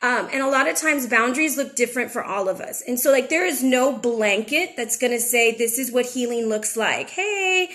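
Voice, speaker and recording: A young adult woman talks through a tarot spread in a loose, chatty way. She is frank and a little emotional. Her voice sits somewhat high for a woman. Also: lively intonation, normal speed, few pauses, fairly bright tone. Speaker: tarot reader and channel host. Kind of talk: casual spiritual chat with tarot reading.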